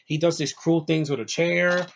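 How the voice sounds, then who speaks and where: A man's voice: on the high side, fairly even intonation, normal speed, gravelly, a little hiss or hum. A man giving a casual movie review on his channel, enthusiastic and rambling, with lots of fillers and restarts, sounding a little tired.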